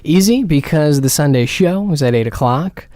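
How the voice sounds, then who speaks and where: A man, a comedian guest on a radio show, joking deadpan with lots of fillers, sounding a little sick with a cold. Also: fairly high pitch, normal speed, dry recording, studio quality. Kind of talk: casual radio chat. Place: radio studio. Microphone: studio microphone.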